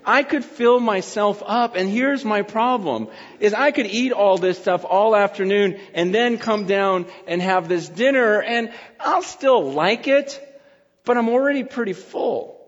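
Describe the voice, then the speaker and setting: A man's voice: high voice, a little slow. A middle-aged man preaching a casual sermon over a meal, chatty and laughing, at times talking with his mouth full. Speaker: pastor. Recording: dull sound with long hall reverb.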